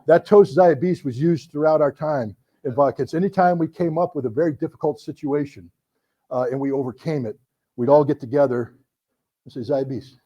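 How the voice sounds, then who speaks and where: Animated storytelling man, mellow voice. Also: fairly high pitch, a little fast, highs cut off. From United States. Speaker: author giving a book talk. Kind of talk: storytelling talk to an audience.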